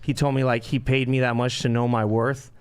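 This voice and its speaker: A man who is a guest on a podcast, telling loose, lively stories in a casual chat. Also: mid-range voice, a little fast, clear, resonant tone. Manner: lively, loose storytelling with laughs.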